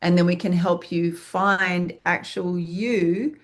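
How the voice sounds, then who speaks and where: A woman's voice: lowish voice, fairly even intonation, a little slow, hardly any pauses. A woman acting teacher answering interview questions in an earnest, frank way, speaking in long flowing lists and swearing freely.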